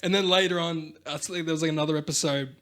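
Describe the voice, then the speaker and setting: Bright-voiced man telling rambling stories. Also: on the high side, steady tone, quick pace. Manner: rambling storyteller, swears freely, acts out quotes in big voices. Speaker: podcast co-host. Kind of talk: casual chat.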